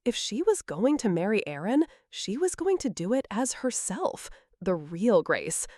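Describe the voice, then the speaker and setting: A woman narrates a scripted story with expressive, measured delivery. Her pitch moves lively up and down. The recording is dry and close, with no room sound. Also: dry recording.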